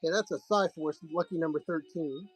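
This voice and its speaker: High-voiced man telling a story. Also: a little fast, soft background music, rough recording. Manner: profane, rambling, chuckling. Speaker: comic seller hosting a live sale. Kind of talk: casual storytelling while showing comics.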